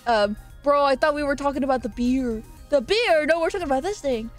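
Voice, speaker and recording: A woman's voice: high voice, expressive, brisk, soft background music. A young woman chatting casually on a live stream from her own room, playful and giggly, rambling between greetings.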